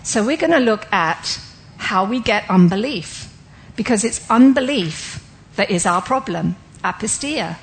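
A woman's voice: mid-range voice, animated, a little slow, a little hiss or hum, poor audio. A woman giving an interactive sermon, asking listeners questions and explaining ideas step by step. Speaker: Bible teacher.

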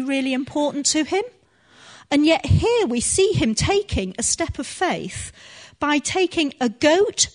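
Female preacher, earnest teaching tone, a touch high-pitched. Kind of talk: sermon.

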